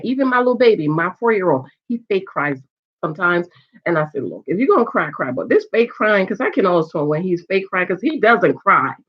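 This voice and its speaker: Chatty woman recapping, dull lo-fi sound. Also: mid-range voice. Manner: chatty, exclamatory, talks straight to viewers. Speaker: TV episode reviewer. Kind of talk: casual recap chat.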